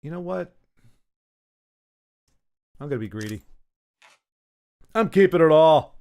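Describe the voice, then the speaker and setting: A man's voice: on the high side, lively intonation, slow, a little mellow, clean tone. A man giving casual, joking commentary while playing a card game, muttering to himself between asides to his viewers. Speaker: gaming channel host.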